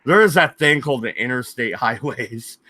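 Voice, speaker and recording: A man's voice: mid-range voice, expressive, normal speed, sharp tone, no room sound. Laughing man hosting a banter show. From US West Coast. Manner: laughs often, loose and joking. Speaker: show host. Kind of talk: casual podcast banter.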